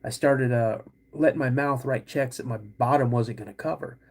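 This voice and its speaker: A middle-aged man hosting a podcast, telling a personal story in an animated way, acting out quoted voices and calling his listeners "guys". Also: medium pitch, moderate pace, gravelly. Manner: acts out quoted voices of his dad and himself. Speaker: podcast host.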